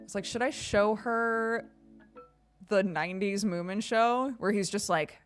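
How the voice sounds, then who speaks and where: A woman's voice: mid-range voice, measured pace, clear, resonant tone. A woman streamer chatting casually with her viewers, laughing often and telling stories animatedly. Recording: faint background music.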